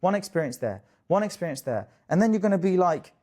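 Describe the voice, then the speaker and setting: Young man, dating coach, casual to-camera talk, swears a lot, jokey asides, slightly high voice. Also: very animated, fast, warm tone.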